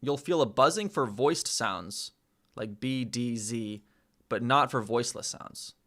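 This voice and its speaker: Here a man in a relaxed vlog drills his pronunciation of a language he's learning, repeating words over and over and teasing himself about the results. He talks unhurriedly in a mid-range, fairly bright voice.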